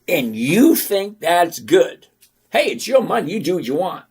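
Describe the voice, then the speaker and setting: A middle-aged man hosting a stock trading channel, walking through numbers on screen in a casual, teasing, sarcastic way and repeating points slowly for emphasis. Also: high voice, sing-song, darkish tone, breathy edge.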